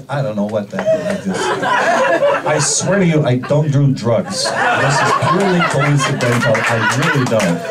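A man's voice: high-pitched, a little mellow. A man doing stand-up, telling a rambling story full of self-interruptions and asides. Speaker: stand-up comedian. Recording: distant mic with audience laughter.

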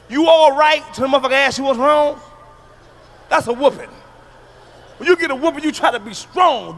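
A middle-aged man from the United States doing a loud, profane stand-up comedy routine on stage, telling punchy stories. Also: extremely high pitch, slight background noise. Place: stage before a live audience.

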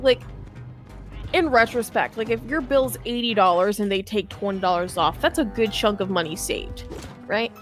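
A woman's voice: mid-range voice, moderate pace, soft background music. A young woman casually telling a long work story, acting out customers' lines and laughing often.

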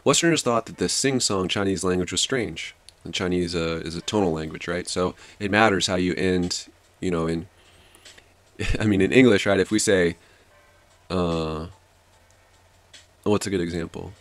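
A man's voice: deep voice, moderate pace. A man hosting a study channel, summarizing and explaining a history book in a casual way, thinking aloud with fillers and restarts. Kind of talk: casual study-guide commentary.

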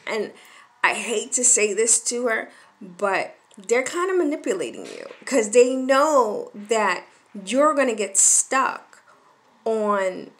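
A woman's voice: mid-range voice, fairly bright tone. A middle-aged woman giving parenting advice in casual talk to the camera, firm and emphatic, and she repeats her points.

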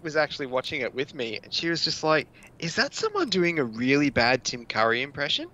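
Lively, joking man on a podcast. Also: on the high side, fairly quick, lo-fi sound. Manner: joking, laughs while talking. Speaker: podcast co-host. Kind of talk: casual chat.

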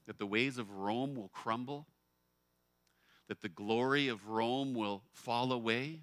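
A male pastor preaching a sermon, expressive and emphatic, often posing rhetorical questions. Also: medium pitch, slow, no echo. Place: church.

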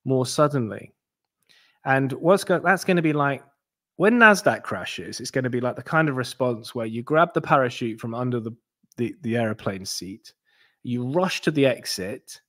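Rambling, animated man talking to viewers. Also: medium pitch. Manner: rambling, animated, many restarts and asides. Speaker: crypto channel host. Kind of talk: casual monologue to viewers.

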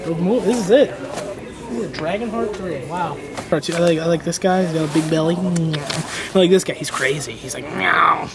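A man's voice: on the high side, moderate pace, a loud crowd. A young man in his early twenties hosting a casual shopping vlog, joking and rambling playfully while browsing a big store. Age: 20s. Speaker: vlog host.

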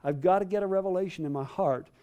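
A man's voice: high voice, fast, dark tone. A man preaching a teaching sermon to a live audience, emphatic and repeating phrases for stress. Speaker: Bible teacher.

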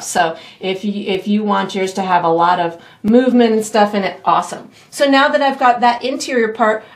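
A woman teaching a step-by-step painting tutorial in an easygoing, chatty way, with light laughs and fillers. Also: on the high side. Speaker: painting instructor.

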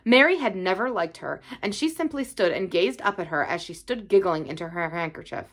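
Expressive woman reading a story aloud. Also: lowish voice, fairly quick. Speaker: library reader. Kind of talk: reading a classic novel aloud.

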